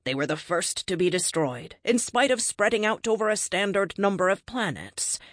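A woman's voice: mid-range voice, expressive, normal speed, no room sound, clean studio sound, natural voice. A woman voicing a questioning, frustrated cosmic being in a science fiction story, asking pressing questions. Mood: insistent. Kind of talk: audiobook character reading.

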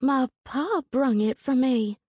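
A woman's voice: sits high, normal speed, a little mellow, no room sound, voice pushed up, natural voice. A woman voicing a poor, sweet-natured young country girl who talks in an earnest, wide-eyed way. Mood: soft, halting.

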